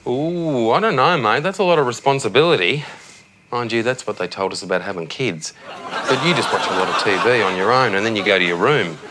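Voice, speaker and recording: A man's voice: medium pitch, animated, fairly quick, noisy background, close to an everyday voice. An actor with an Australian accent playing a tactless middle-aged suburban dad who tucks his son into bed, chatting in a breezy, chummy way and calling him mate. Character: blithely tactless suburban dad, cheerful and careless. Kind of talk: TV sketch comedy acting. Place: child's bedroom at night, a TV set.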